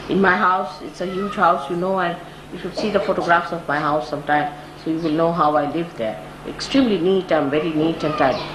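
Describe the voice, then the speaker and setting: An older woman, a spiritual teacher, giving a devotional talk in a storytelling manner, her voice climbing high when she stresses a point. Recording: echoey room with audible noise.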